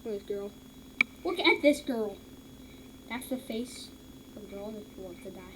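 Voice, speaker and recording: A woman hosting a casual reaction video, mocking what she watches, repeating herself and filling pauses with lots of ums. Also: medium pitch. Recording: loud background noise.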